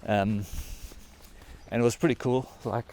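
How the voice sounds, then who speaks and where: A man's voice: medium pitch, steady tone, a little slow, mellow, a little hiss or hum. A man in his thirties with a South African accent, talking casually to camera while hiking outdoors and short of breath, rambling with lots of fillers. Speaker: travel vlogger. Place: outdoors on a high mountain trail.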